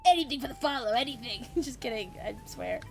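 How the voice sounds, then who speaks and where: A woman streamer chatting casually on a live stream, energetic, swearing freely and giggling. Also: fairly high pitch, normal speed, faint music behind.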